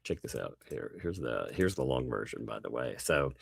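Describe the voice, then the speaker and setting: A man's voice: a bass voice, normal speed, vocal fry, breathy edge, dry recording, clean studio sound. A man with a Southern accent hosting a casual live stream, talking animatedly and laughing as he goes. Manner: animated, laughing, mocking voices in asides. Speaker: host.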